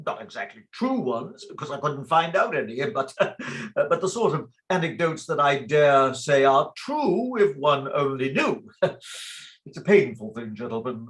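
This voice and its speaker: A man's voice: medium pitch, a bit bright, close to an everyday voice. A man reading the part of a fussy, blustering father of the bride in an amateur play reading. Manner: blustering, fussing, mock-solemn.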